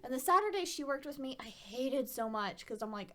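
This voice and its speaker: Chatty woman with a higher voice. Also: expressive, brisk, pushed and bright, slight background noise. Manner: chatty, rambling, with wry asides. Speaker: vlogger. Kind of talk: casual storytelling.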